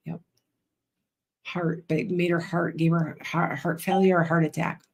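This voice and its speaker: A woman's voice: on the low side, little pitch movement, normal speed, creaky. A woman with a Midwestern Chicago accent, hosting a casual livestream and giving blunt, rambling psychic readings to viewers.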